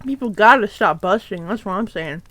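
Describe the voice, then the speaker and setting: A woman's voice: medium pitch, expressive, normal speed, a bit bright. A woman streamer reading a fanfic aloud, irreverent and swearing, with giggly asides.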